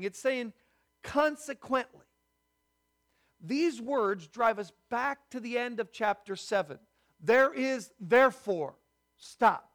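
A man preaching a sermon as pastor, teaching and asking the congregation rhetorical questions. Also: extremely high pitch. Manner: prayerful and hushed when praying.

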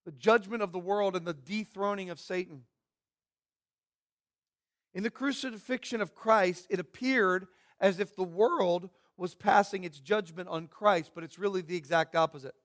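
A man preaching a sermon, swinging from hushed, almost whispered lines to loud, emphatic bursts. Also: sits high, moderate pace. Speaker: pastor.

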